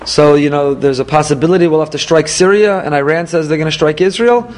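A man, apparently middle-aged, leading a Torah class, lively and emphatic, reading Hebrew verses and paraphrasing them. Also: fairly high pitch, fast. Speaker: rabbi teaching weekly Torah portion.

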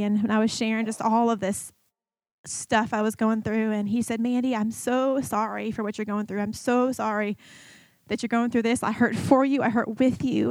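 Halting woman giving a personal testimony. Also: a little high, darkish tone, dry recording. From Michigan. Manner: halting, many fillers and restarts, emotional. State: tearful. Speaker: church member giving testimony. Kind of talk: personal testimony to a church audience.

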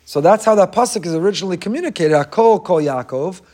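High-voiced, emphatic man delivering a sermon. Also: expressive, fast talker, a little mellow. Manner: passionate, emphatic, mixes Hebrew phrases into English. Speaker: rabbi.

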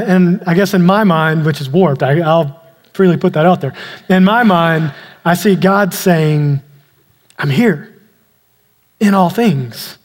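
Man preaching in a reverberant hall. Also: sits high. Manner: earnest, slows down and drops quiet for emphasis. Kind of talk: sermon. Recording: long reverb of a large hall.

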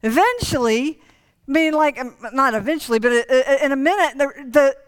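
A woman pastor preaching a sermon in church, telling a story with many restarts and rising excitement. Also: sits high, a little fast. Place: church sanctuary.

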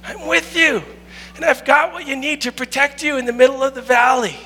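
A man preaching with a high, bright and forceful voice, telling funny stories and laughing along with them. The sermon carries through a large room with a long reverb. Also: fairly quick. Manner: animated, humorous storytelling with frequent laughs. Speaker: pastor.

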